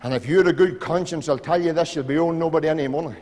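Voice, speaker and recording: A Northern Irish pastor preaching a sermon in a church, pleading with his congregation and swinging from loud appeals to hushed asides. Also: fairly high pitch, very fast. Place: church sanctuary. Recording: church hall reverb.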